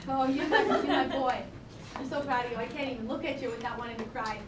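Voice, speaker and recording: A woman's voice: sits high, fast, natural voice. A woman in an improv scene playing a gushing, foul-mouthed Catholic single mom from Boston. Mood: doting. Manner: gushing, brash, repeats herself. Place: theater stage. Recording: roomy distant live stage recording, noisy.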